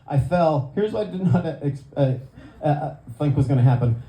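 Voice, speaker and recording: A man's voice: fairly high pitch, expressive, fairly quick, warm tone. An older man doing a stand-up comedy set, self-deprecating and chatty with lots of "uh"s, in a live venue. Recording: roomy live venue sound.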